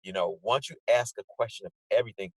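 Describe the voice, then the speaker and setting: A man tells stories with lively energy, acting out little conversations with himself. His voice has a husky grain, and the sound is dry and close, with no room around it. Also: lowish voice, quick pace, no room sound, low-quality recording. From Portland area, USA. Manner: animated storyteller, acts out his own inner dialogue. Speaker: guest. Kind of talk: casual conversation over video call. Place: indoors at home, sunny day. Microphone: video call setup.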